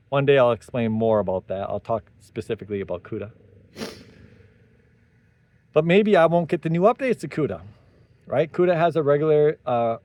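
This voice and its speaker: A man's voice: mid-range voice, darkish tone, no echo. A man hosting a solo tech commentary, talking animatedly with sarcastic asides and tangents. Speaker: tech commentary channel host.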